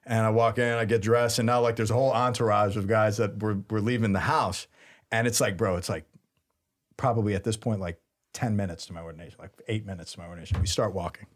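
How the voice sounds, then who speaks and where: A man in his thirties, a priest and podcast co-host, telling a story in a lively, laughing way. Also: on the low side, fast. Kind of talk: casual storytelling chat.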